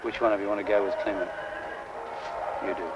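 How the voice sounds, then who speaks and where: A man's voice: on the low side, level tone, fairly quick. A man briefing his staff on the day's tasks in a plain, practical way. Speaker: officer giving orders. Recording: old film audio with loud noise.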